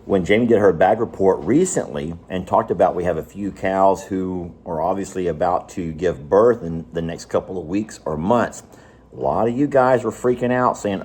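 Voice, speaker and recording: A man, talking casually to viewers of his animal sanctuary vlog in a folksy, drawn-out way, outdoors on a farm. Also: deep voice, a little mellow, slightly rough. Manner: folksy, drawn-out, slow emphasis. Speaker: animal sanctuary owner and vlogger.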